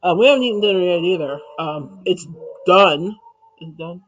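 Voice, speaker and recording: A chatty man hosting a relaxed livestream, his voice pitched notably high. He reads viewers' comments aloud and answers them with easy laughter in a loose, conversational way. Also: moderate pace, rough recording. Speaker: livestream host. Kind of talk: casual livestream chat.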